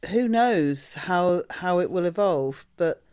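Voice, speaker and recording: A woman's voice: on the low side, lively intonation, slow pace, darkish tone, smooth, no echo, studio quality. A woman co-hosting a podcast in casual chat, blunt and swearing freely. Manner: blunt, swears, laughs often. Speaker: podcast co-host.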